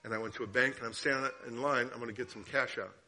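A man preaching a sermon as guest speaker, telling a story and asking the listeners questions, sometimes dropping to a hushed tone and sometimes rising. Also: medium pitch, steady tone, fast talker. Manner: drops to hushed tones for story, rises for questions.

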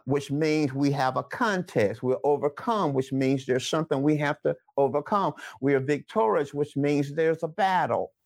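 A man's voice: mid-range voice, creaky, no echo, clean studio sound. A man preaching a sermon, repeating key statements emphatically and asking listeners to say them back after him. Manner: repetitive, emphatic call-and-response preaching. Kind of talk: sermon teaching.

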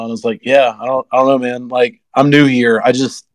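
A man's voice: little pitch movement, brisk, no echo, low-quality recording. Rambling young man telling a story. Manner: rambling, acts out quotes with sudden high-pitched outbursts. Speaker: guest race driver. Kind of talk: casual podcast storytelling.

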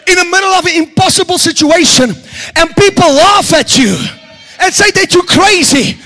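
A man preaching a sermon in an auditorium, shouting fervently, then dropping to a hush. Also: extremely high pitch. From South Africa. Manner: shouting, stirred-up preaching with sudden quiet drops.

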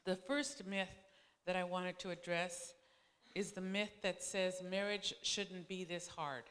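Bright-voiced woman preaching in a reverberant hall. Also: lowish voice, steady tone, unhurried. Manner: conversational storytelling, many restarts. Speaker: pastor. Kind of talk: sermon.

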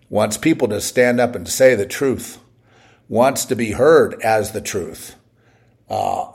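A man's voice: fairly low pitch, husky. A man giving a short, blunt devotional message while short of breath and on oxygen as he recovers. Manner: blunt and plain-spoken, with rising bursts of exhortation.

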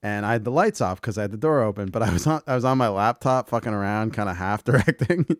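A man with a fairly low voice, recorded close and dry with no room sound. He talks in a loose, rambling way, tells casual stories, swears freely and breaks into laughter as he co-hosts a podcast chat. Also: fast talker, no room sound. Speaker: podcast co-host.

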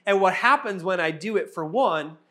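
Man, pastor, thirties, high voice, earnest sermon, repetitive preaching rhythm. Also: expressive, moderate pace, sharp tone.

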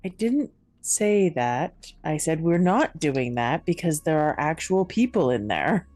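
A woman with a lowish but very animated voice plays a tabletop game, laying out her plans firmly and without fuss. The sound is dry and close, with faint music underneath. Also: unhurried, no echo. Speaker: player. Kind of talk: in-character tabletop role-play.

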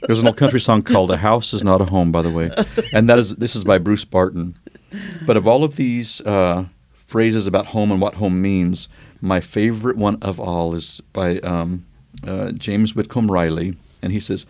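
A man with an Oklahoma accent chatting casually as a radio co-host, musing and unhurried, with many fillers. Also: low-pitched, fairly even intonation, darkish tone, no room sound. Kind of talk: casual chat.

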